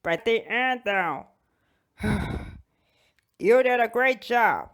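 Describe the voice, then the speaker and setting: A woman hosting a toy channel, chatting casually and comically about fandoms, giggling, sighing dramatically and bursting into shouted bits. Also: a little high, lively intonation, extremely slow. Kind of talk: casual comedic fandom chat.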